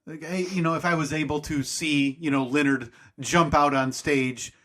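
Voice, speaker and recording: A man's voice: a little high, steady tone, normal speed, bright, forceful tone. A man in his thirties co-hosting a podcast, telling a long story in a casual, rambling, self-mocking way. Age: 30s. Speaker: podcast co-host.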